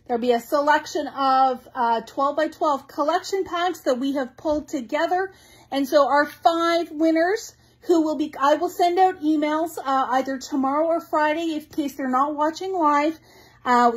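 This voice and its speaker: A woman's voice: sits high, moderate pace. A middle-aged woman who owns a craft store, hosting a casual live stream, chatty and effusive as she reads viewer comments aloud. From Canada.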